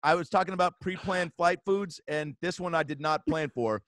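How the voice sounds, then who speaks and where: A man guest on a podcast telling a comic anecdote, animated, profane and quick to roll from one detail to the next. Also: on the high side, dry recording. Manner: lively, profane, fast-rolling anecdotes. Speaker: comedian guest.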